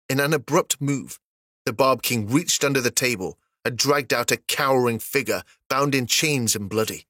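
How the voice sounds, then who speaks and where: A man narrating a fantasy story as an audiobook, steady and even. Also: mid-range voice, normal speed, no room sound, clean studio sound.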